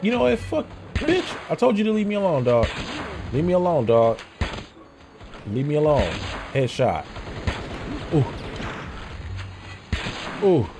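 Loud, animated young man gaming. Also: on the high side, measured pace, pauses often, music in the background. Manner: loud, animated, talks to game characters; casual slang, frequent swearing. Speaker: gameplay streamer. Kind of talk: excited gameplay commentary.

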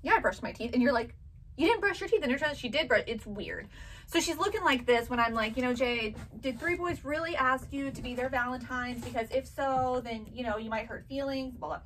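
A woman's voice: high-pitched, fairly quick, fairly bright tone, recorded from a distance, a little hiss or hum, low-quality recording. Chatty woman telling family stories. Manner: chatty storytelling, acts out her kids' voices. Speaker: vintage box seller and mother. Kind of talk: casual chat.

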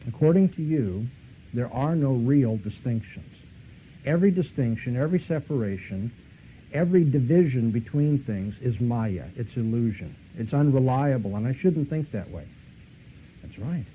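A man's voice: mid-range voice, animated, normal speed. Man lecturing over a tinny line. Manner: emphatic, argumentative storytelling. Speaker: seminary lecturer. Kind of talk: apologetics lecture with retold dialogue. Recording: tinny phone-like lo-fi recording with faint hiss.

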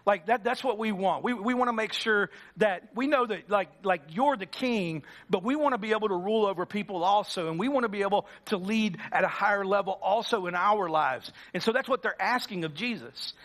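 A man's voice: high voice, brisk, few pauses, a bit bright. A man preaching as pastor, conversational and acting out the quoted lines. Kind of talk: sermon.

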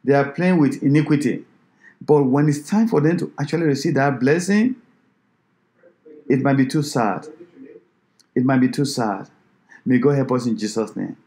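A man's voice: medium pitch, normal speed, long pauses, mellow. A man preaching a sermon who exhorts his listeners with repeated rhetorical questions.

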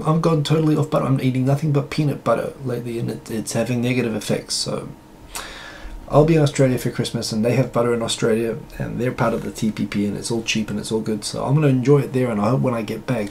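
Exasperated, gravelly-voiced New Zealand man ranting. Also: mid-range voice, darkish tone, a little hiss or hum. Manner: exasperated, rambling, sarcastic. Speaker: live stream host. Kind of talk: casual ranting commentary.

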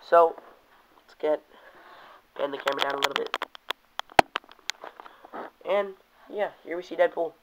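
A man's voice: fairly high pitch, a little slow, pauses often, heavy background noise. A young man casually reviewing toys, rambling and cursing now and then, reading comic panels aloud in put-on voices. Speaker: toy reviewer. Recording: dull lo-fi home video audio.

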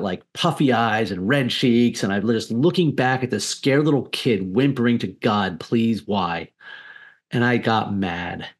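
A man's voice: on the low side, breathy edge. A man as a podcast guest, telling a candid personal story in a blunt, defiant way with frequent swearing.

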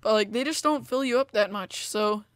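Young female let's-play host, rambling casual commentary, slightly high voice, dry close sound. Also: normal speed, no room sound. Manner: chatty, rambling, many fillers like "like" and "you know". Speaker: gaming video host.

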